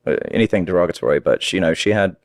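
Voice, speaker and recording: Man, American with Australian-tinged accent, low voice, dry close sound, animated storyteller. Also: rapid-fire, no echo. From United States. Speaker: podcast guest. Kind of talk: casual storytelling.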